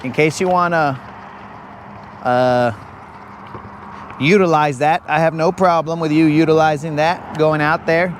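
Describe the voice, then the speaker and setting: Slow-talking joking fishing streamer, man. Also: fairly high pitch, steady tone, a little hiss or hum. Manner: joking, teasing, playfully rambling. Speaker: fishing livestream host. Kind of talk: casual live-stream chat to viewers. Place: outdoors on a lake.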